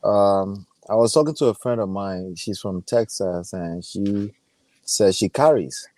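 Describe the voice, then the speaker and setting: A man with a Nigerian accent, a guest on a live stream, giving earnest advice in a halting way. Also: lowish voice, warm tone, no echo. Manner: hesitant, with many fillers and restarts, earnest advice. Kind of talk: casual live-stream chat.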